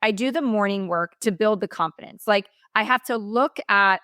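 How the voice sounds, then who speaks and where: A woman's voice: mid-range voice, normal speed, hardly any pauses, bright, forceful tone, dry recording, studio quality. A middle-aged woman, a mindset coach, speaking as a guest in a podcast interview in an emphatic, motivational way.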